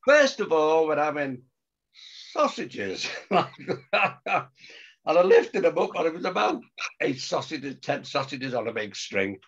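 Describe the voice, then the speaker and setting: An older man, a guest on a casual interview, tells a story, acting out what people said and laughing often in an animated way. His voice sits on the high side and he speaks a little slowly, with muffled, lo-fi sound.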